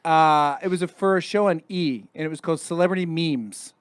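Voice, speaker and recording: A man in his late thirties with a high voice hosts a casual podcast, asking questions between joking, profane banter. The sound is dry and close. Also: a little fast, smooth, no echo. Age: 30s. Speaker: podcast host.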